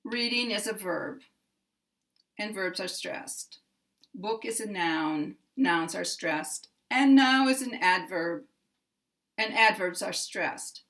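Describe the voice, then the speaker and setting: Animated and a bit bright, this American woman's middle-pitched voice takes an unhurried pace as she teaches pronunciation. She explains each rule in a measured way and enunciates her example sentences clearly.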